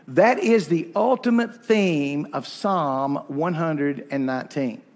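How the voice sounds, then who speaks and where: A man's voice: fairly high pitch, a little slow, hardly any pauses, darkish tone, big-room sound. A man preaching a sermon in a church, folksy and self-deprecating, telling stories with humor. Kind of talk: sermon with personal anecdotes.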